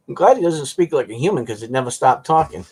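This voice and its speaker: A man with a husky, slightly high voice hosts a laid-back conversation. He wanders from one cat story to the next, sometimes breaking into meows to imitate his pets.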